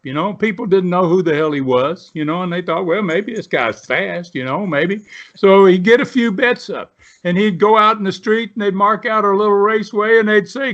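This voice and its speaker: A retired wrestler in his 70s, his voice sitting high with a fairly bright tone, tells rambling, salty stories in an interview. He comes across as a folksy storyteller who wanders through his tales with plenty of rough language. The recording has a dull, lo-fi sound.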